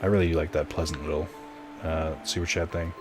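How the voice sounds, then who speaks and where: A man's voice: very deep voice, flat delivery, fast talker, over music. A man streaming a game and chatting with viewers in a rambling, casual way, full of fillers and restarts. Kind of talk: casual live-stream chat while gaming.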